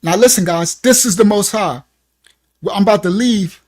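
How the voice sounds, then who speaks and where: A man's voice: high voice, normal speed, darkish tone. A man giving a personal testimony in casual, slangy speech, often checking in with "right?", earnest and emotional. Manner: casual slangy talk with frequent "right?" tags. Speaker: ministry speaker giving a testimony. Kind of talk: personal storytelling.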